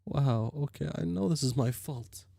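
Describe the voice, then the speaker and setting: A man's voice: medium pitch, moderate pace, gravelly, dark tone, no room sound, clean studio sound. A man voicing a patient, coaxing young woman. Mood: reluctant. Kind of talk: reading a webcomic aloud in voices.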